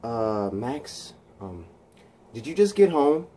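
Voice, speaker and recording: Man doing pleading boss, urgent, slow delivery. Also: mid-range voice, big pitch swings, warm tone.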